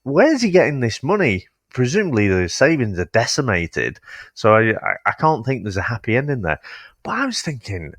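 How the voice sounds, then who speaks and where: A man's voice: mid-range voice, very animated, normal speed, fairly bright tone, no room sound, clean studio sound. A man in casual film-review chat, blunt and swearing heavily as he thinks aloud. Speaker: podcast host.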